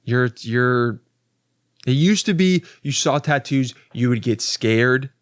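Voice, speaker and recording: A man's voice: medium pitch, animated, unhurried, dry recording, studio quality. A man hosting a casual solo podcast as a comedian, rambling and restarting his sentences, with profane, wry asides. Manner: rambling and self-interrupting, with frequent restarts.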